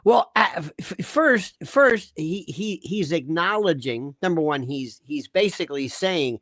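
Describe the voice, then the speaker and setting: A man's voice: high voice, moderate pace, dry recording, clean studio sound. A man, a former prosecutor, giving heated legal commentary in an emphatic, repetitive way. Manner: animated, emphatic, repeats himself.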